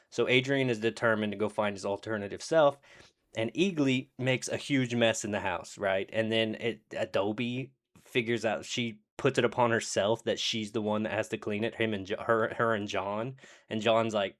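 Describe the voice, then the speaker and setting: Reviewer, male, lowish voice, loose and profane, sarcastic episode recap with lots of fillers. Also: moderate pace. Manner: rambling, profane, sarcastic, with many fillers and restarts. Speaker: TV show reviewer.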